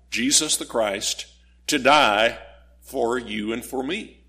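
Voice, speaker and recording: A man preaching a sermon, slow and deliberate, lifting his voice on key words. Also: mid-range voice, vocal fry, bright, forceful tone, husky.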